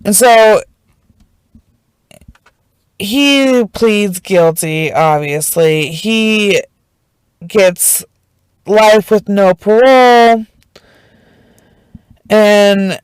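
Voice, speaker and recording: A woman's voice: medium pitch, extremely slow, long pauses, clean tone, dry recording, rough recording. A woman telling a true crime story in a casual, emotional way, swearing freely and speaking with heavy emphasis.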